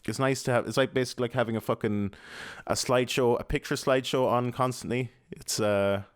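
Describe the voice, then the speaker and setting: This young man from Ireland hosts a podcast from his apartment, rambling casually with frequent fillers, mumbling and the odd swear word. His medium-pitched voice is clear and resonant, fairly quick and fairly even in intonation, recorded clean like a studio with no echo.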